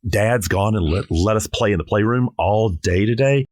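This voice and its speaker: Playful man, low dry voice. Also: normal speed, darkish tone, no room sound. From South Carolina. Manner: playful, theatrical, jokey. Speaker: drag performer guest. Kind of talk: casual podcast chat.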